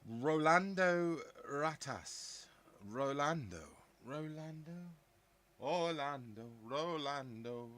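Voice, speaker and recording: A middle-aged man from southern England, his voice fairly low and a bit bright, hosts a live stream and reads the chat. He rambles casually and muses aloud while answering his viewers' comments.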